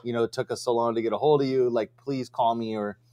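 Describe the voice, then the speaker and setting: A man's voice: medium pitch, quick pace. A man co-hosting a business livestream, telling stories casually with lots of fillers and acted-out quotes. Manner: animated storyteller, acts out quoted voices, many fillers. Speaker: co-host of a vending business livestream. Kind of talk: casual storytelling chat.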